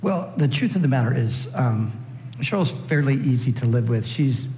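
Relaxed man talking in an echoey hall. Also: medium pitch, moderate pace. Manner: relaxed, conversational, many fillers. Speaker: co-speaker at a marriage session. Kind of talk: sermon-style teaching.

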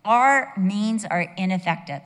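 A woman's voice: mid-range voice, lively intonation, measured pace, fairly bright tone, long reverb tail. A woman preaching a sermon, emphatic and mixing in humorous personal asides.

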